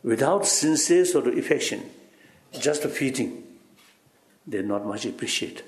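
Slow-spoken man, halting English. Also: mid-range voice, animated, reverberant. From Tibet. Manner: halting broken English, repeats "you see", chuckles. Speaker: interviewee, spiritual teacher. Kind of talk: reflective interview answers.

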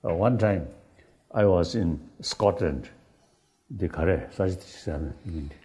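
A man in a panel discussion who talks haltingly, searches for words and often restarts, and acts out quoted speech with energy. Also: low voice, a little mellow. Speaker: spiritual leader in a panel discussion. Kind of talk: conversational panel talk.

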